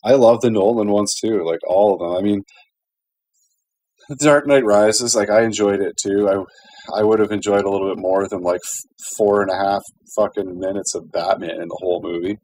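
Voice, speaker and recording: A man's voice: fairly low pitch, fairly even intonation, normal speed, darkish tone, no room sound. A man co-hosting a casual chat, enthusiastic and swearing casually. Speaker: podcast co-host.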